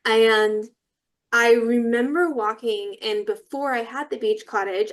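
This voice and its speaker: Earnest woman guest telling her story. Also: a little high. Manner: earnest, flowing, spiritual storytelling. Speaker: podcast guest. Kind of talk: reflective interview talk.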